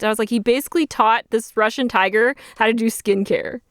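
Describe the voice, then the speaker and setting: A woman's voice: mid-range voice, fast, few pauses, smooth, no room sound, clean studio sound. A woman co-hosting a podcast, recounting movie moments with amused, giggling storytelling. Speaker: podcast co-host. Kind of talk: casual chat.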